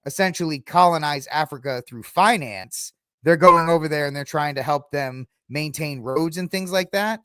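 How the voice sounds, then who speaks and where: A male podcast host reads news headlines, then wanders into sarcastic, rambling asides. His voice sits a bit high for a man. The recording is dry, with no room sound. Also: fairly bright tone, no room sound.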